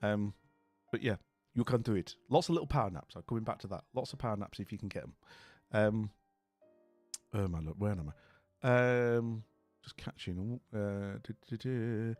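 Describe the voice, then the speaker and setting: A man's voice: fairly low pitch, normal speed, long pauses, a little mellow, no room sound, soft background music. A man chatting with his stream viewers, friendly and rambling, with lots of fillers and restarts. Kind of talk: casual chat.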